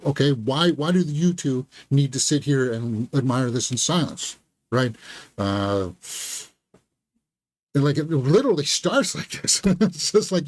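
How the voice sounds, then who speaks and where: A man's voice: mid-range voice, lively intonation, unhurried. A man hosting a live film review, thinking aloud and giving candid, critical verdicts. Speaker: movie reviewer and channel host. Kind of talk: live movie review commentary.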